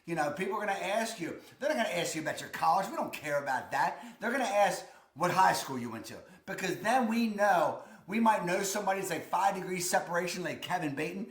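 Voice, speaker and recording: Man, Baltimore accent, enthusiastic and emphatic, fairly high voice, echoey room. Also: animated, fast, few pauses, fairly bright tone. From Baltimore, Maryland. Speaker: host of a local living channel. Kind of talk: casual talk to camera.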